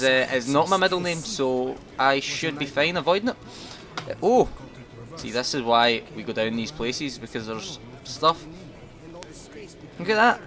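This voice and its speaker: A man's voice: mid-range voice, fairly bright tone. A young man giving casual, jokey commentary while playing a video game, talking to his viewers. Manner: chatty, jokey, talks to viewers. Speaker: gaming commentator. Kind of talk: casual let's-play commentary.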